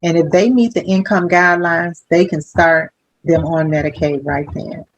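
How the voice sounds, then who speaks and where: Low-voiced woman explaining patiently. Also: fairly even intonation, muffled recording. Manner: measured, explanatory, with fillers. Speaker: hospital social worker, guest. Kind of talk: conversational interview.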